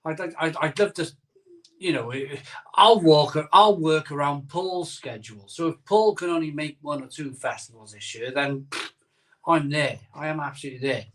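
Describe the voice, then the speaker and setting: A man's voice: fairly high pitch, normal speed. A middle-aged man hosting a live stream, chatting casually, joking and chuckling as he reads out viewer comments. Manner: jokey, chuckles often, storytelling banter. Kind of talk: casual chat.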